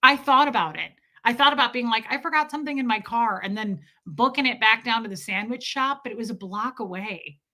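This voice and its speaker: A young woman is livestreaming, her voice a little high and a little fast with hardly any pauses. She tells a story in casual chat, animatedly acting out what people said and often breaking into laughter.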